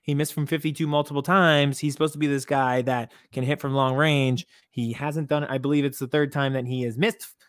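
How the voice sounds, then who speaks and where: Animated man in dry sports-podcast chat. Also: mid-range voice, brisk, few pauses, no echo. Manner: animated, emphatic, catchphrase-prone. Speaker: podcast co-host.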